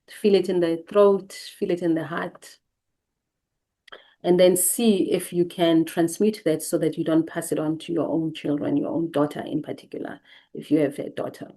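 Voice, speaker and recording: A woman hosts a reflective teaching talk in a somewhat low voice. She speaks gently and leans on repetition, circling back to words for emphasis. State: briefly emotional. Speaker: host.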